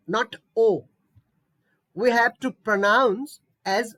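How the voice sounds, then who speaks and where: A woman's voice: a little high, extremely slow, fairly bright tone. A woman teaching English pronunciation in an online lesson, patiently repeating words and checking in with "okay?".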